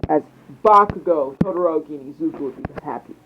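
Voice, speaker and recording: Young man narrating an improvised fan story; rambling, lively pitch, tinny phone recording. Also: moderate pace, background noise. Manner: rambling, hesitant, with restarts.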